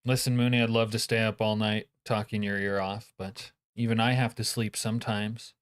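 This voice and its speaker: A man's voice: on the low side, level tone, moderate pace, clean tone. A man live-streaming a game, chatting casually with his viewers, profane and joking, grumbling when things go wrong.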